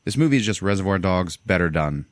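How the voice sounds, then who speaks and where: A man hosting a podcast, retelling a film scene by scene in a casual, animated way, swearing and laughing often. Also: sits low, fast talker, no room sound. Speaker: podcast host. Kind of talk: casual movie recap chat.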